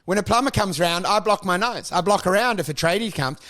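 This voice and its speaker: A man's voice: high-pitched, a little fast, a bit bright. A man, co-hosting a comedy podcast with crude, rambling rants. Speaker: podcast co-host. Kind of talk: casual comedic chat.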